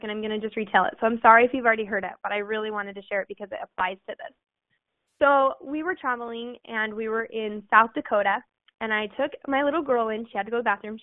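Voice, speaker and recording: Woman giving an earnest pep talk, kinda high voice, phone-ish tinny sound. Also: no echo. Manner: earnest, storytelling, with fillers. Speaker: motivational speaker. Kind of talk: motivational talk.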